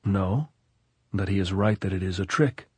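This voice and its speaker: A man reading a calm, weary lieutenant. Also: sits low, husky, no echo. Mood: calm, tense. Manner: calm, measured, reasoning. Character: quiet, weary young army lieutenant, man.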